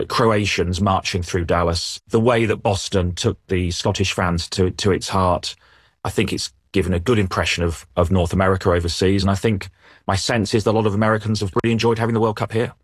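Low-voiced sports editor. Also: male voice, no echo, clean studio sound. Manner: measured, thoughtful, with frequent restarts. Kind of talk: reflective news interview answers.

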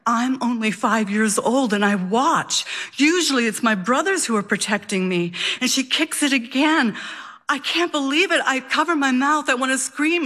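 A woman storyteller draws out a personal story with slow, dramatic pauses. Her voice sits fairly high, and a long hall reverb trails behind her words. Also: bright, forceful tone.

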